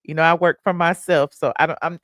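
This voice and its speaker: A woman's voice: low-pitched, fairly even intonation, fairly quick, a bit bright, no room sound, studio quality. Chatty woman hosting a live stream. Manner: chatty, laughs often, reads viewer comments aloud. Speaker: live-stream gossip host. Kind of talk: casual live-stream chat.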